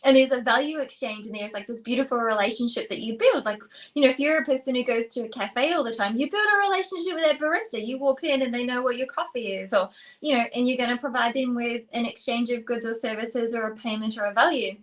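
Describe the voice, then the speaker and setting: A woman's voice: on the high side, fast. A woman co-hosting a relationship talk show, chatting casually with many fillers and acting out little quotes. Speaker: co-host, relationship expert. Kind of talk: casual chat.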